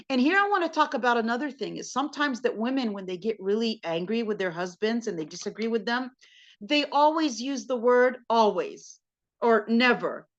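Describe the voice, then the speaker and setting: A woman teaching a religious class on marriage in a casual, conversational way, often checking in with "okay?" and acting out what spouses say. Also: a little high. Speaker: Islamic studies teacher. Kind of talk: casual spoken lecture. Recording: muffled lo-fi sound.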